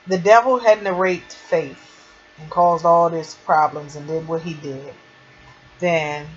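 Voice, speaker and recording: A woman giving a casual, gushing fan recap of a TV drama episode. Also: fairly low pitch. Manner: chatty, gushing fan retelling of scenes. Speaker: TV episode reviewer. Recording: dull lo-fi sound with faint noise.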